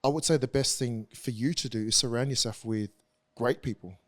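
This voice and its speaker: A man in his thirties, a rugby league player, talking candidly as a podcast guest in an earnest, halting way with frequent restarts. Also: mid-range voice, a bit bright.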